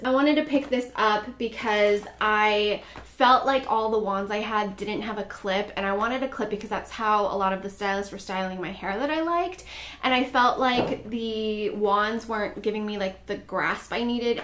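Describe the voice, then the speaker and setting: A woman's voice: medium pitch, fairly bright tone. A young adult woman hosting a casual makeup haul vlog, chatty and upbeat, often saying "like". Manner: chatty, upbeat, filler-heavy with frequent "like". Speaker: beauty vlogger.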